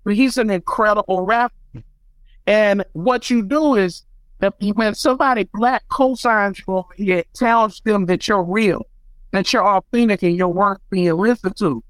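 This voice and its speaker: An American man, a beatmaker guest on a podcast, telling stories in an animated, emphatic way. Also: high-pitched, normal speed, smooth, dry recording, rough recording. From United States. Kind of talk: casual podcast chat.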